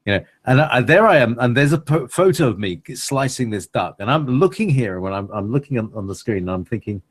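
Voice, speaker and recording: A man chats on a talk radio show in a husky voice. His pitch rolls up and down in a lively way. He wanders from thought to thought, full of fillers and playful asides. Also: a little fast. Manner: rambling and playful, with many fillers and laughs. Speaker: co-host. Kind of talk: casual radio chat.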